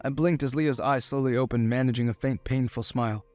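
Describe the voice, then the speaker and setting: A man narrating a first-person romance story in a steady scripted delivery. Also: mid-range voice, a little fast, soft background music.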